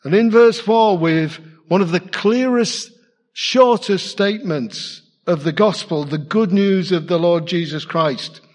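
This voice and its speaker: A man's voice: high-pitched, unhurried, long reverb tail. A man preaching a sermon in a church, conversational and asking his congregation questions. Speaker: pastor.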